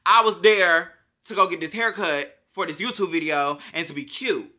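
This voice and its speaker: A man ranting through a storytime vlog, swearing freely and leaning on slang. His voice sits high and sounds very bright and piercing. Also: normal speed. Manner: profane, dramatic storytelling, heavy slang. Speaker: vlogger. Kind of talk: casual storytime rant.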